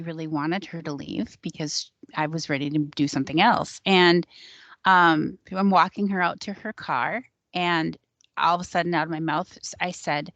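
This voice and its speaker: A psychic on a panel show shares her experiences in a casual, chatty way, sprinkling in lots of ums and likes. Her voice sits on the low side with a fairly bright tone. The recording is dry and echo-free, with a dull lo-fi quality.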